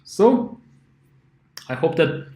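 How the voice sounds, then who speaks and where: Slow, patient male English teacher. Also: muffled recording. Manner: patient, repeats example words slowly. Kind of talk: phonics lesson explanation. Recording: echoey room.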